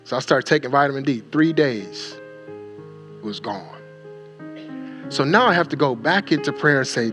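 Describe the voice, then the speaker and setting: A man's voice: medium pitch, expressive, normal speed, pauses often, music in the background. A male pastor preaching a sermon, emphatic and repeating his phrases for effect. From Wisconsin.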